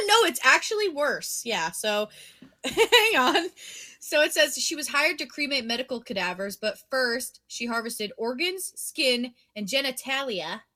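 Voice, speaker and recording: She's a young woman chatting on a casual podcast, reading strange headlines aloud and laughing easily. Her voice is bright and a little high. The delivery is animated throughout. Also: a little slow. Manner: giggly, animated. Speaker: podcast co-host.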